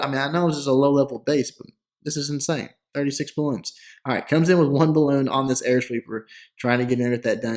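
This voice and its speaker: Gravelly-voiced man commentating gameplay. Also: medium pitch. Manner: relaxed, chatty, frequent "uh" and restarts. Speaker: gaming channel host.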